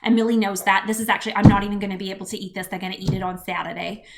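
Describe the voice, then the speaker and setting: A woman's voice: mid-range voice, little pitch movement, very fast, loud music behind the voice, poor audio. A woman hosting a casual cooking livestream from her home kitchen, chatty and bubbly, reading viewer comments and talking to her toddler. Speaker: cooking stream host and mother.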